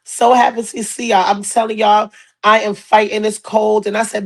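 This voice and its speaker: Woman host with a raspy cold voice, chatty and repeating herself, middle pitch. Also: level tone, moderate pace. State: hoarse from a cold. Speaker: podcast host. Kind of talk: casual live-stream chat.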